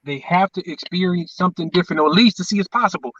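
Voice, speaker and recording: A man's voice: high-pitched, rapid-fire, fairly bright tone, husky, dry recording, recorded from a distance, highs cut off. A man, co-hosting and talking in an emphatic, repetitive, preacher-like way. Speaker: podcast co-host. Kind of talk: motivational casual chat.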